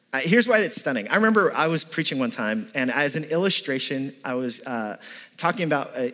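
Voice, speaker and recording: A man's voice: medium pitch, sharp tone. A man preaching a sermon as a pastor, in a loose conversational way full of "like" and "right?". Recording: long reverb of a hall.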